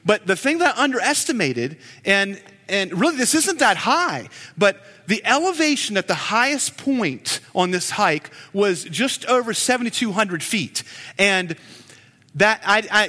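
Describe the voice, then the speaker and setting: A man in his forties preaching a sermon as a pastor, telling stories in an animated, joking way. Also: high voice, long reverb tail. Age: 40s.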